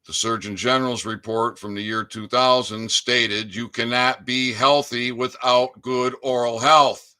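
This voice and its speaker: Older man, furious activist monologue, slow and deliberate, tense and sharp tone, loud bursts then low mutters. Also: fairly even intonation, smooth. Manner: angry, ranting, swings from loud outbursts to low muttering. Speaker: activist channel host. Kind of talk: impassioned monologue.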